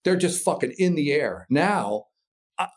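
An American man with a fairly high-pitched voice tells a story casually and a little slowly. He's animated and swears freely, acting out voices and sound effects as he goes.

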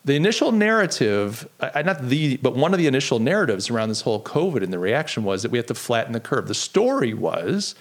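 Lively-pitched man musing aloud. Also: quick pace, few pauses. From United States. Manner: conversational, earnest, many restarts. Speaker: podcast host. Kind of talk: solo podcast monologue.

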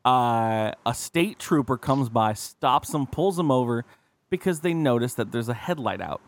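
A man's voice: mid-range voice, lively intonation, a little slow, no room sound. A man co-hosting a podcast, telling rambling profane stories in casual chat and acting out the people he quotes. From California. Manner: rambling, swears a lot, acts out quoted people. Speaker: podcast co-host.

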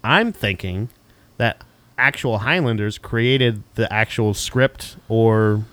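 A man's voice: fairly low pitch, slow. A man co-hosting a podcast, rambling through casual banter and swearing freely. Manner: rambling, animated, swears and laughs often. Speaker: podcast co-host.

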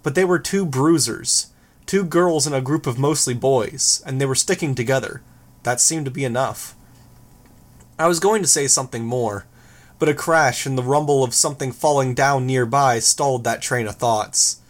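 A man reads a first-person novel aloud in an even, measured way. Plain audiobook narration. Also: medium pitch.

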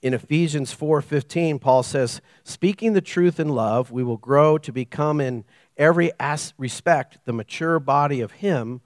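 Animated male pastor, dry close sound. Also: a little high, normal speed, no room sound. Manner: animated storytelling, acts out dialogue. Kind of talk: sermon.

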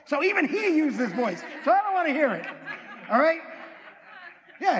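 A man preaching a sermon, telling stories in an animated way, with restarts and self-deprecating asides. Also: high-pitched, fast, big-room sound.

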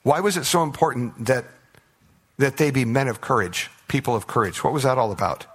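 Man preaching a lively sermon. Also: medium pitch, a little fast, husky. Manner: animated storytelling, acts out biblical characters in playful voices. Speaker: pastor.

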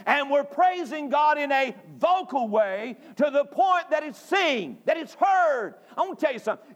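High-voiced preacher, emphatic. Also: male voice. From North Carolina. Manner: emphatic, repetitive, rising to shouts. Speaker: pastor. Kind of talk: sermon. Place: church sanctuary.

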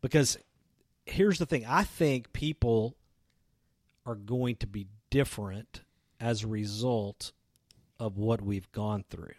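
A man's voice: lowish voice, slow pace, long pauses, a little mellow, dry recording, studio quality. A man co-hosting a youth ministry podcast, bantering playfully in a casual chat.

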